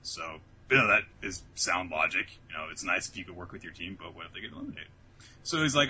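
A man's voice: low-pitched, fast talker, slight background noise. A man co-hosting a casual recap chat, swearing freely and laughing as he acts out quotes. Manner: animated, laughing, swears freely, jumps into character voices. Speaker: podcast co-host.

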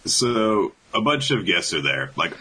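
A man's voice: lowish voice, very animated, a little slow, bright, forceful tone, poor audio. A man casually recapping an anime episode with a co-host, joking, swearing and laughing often. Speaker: podcast co-host. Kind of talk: casual comedic recap chat.

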